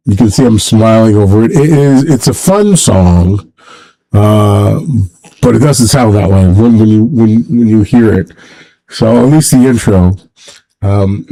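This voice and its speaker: A man hosting a casual solo livestream from home, rambling and halting, talking in a sentimental way. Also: mid-range voice, warm tone, poor audio. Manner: rambling, halting, many restarts; emotional, sentimental. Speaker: livestream host.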